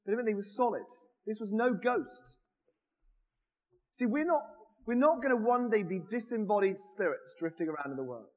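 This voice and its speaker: A man with a notably high voice preaches a lively, conversational sermon, joking with his congregation. The sound carries the long reverb of a church hall. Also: a little fast. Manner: animated, jokes with the congregation.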